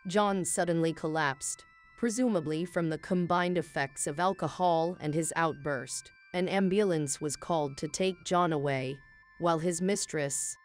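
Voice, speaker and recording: A woman narrating a scripted first-person story in a calm, cool, measured manner. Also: low voice. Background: faint music.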